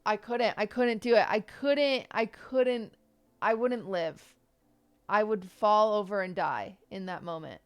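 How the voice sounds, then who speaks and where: A woman hosting a casual call as a streamer, talking in chatty, expressive stories full of fillers. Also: mid-range voice, measured pace, clear, resonant tone. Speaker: streamer and host.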